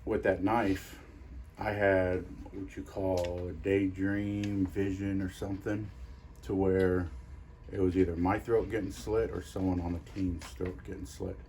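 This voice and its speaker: A man's voice: sits low, level tone, measured pace, darkish tone, a little hiss or hum. A man who investigates the paranormal, telling a story in an interview in a rambling way.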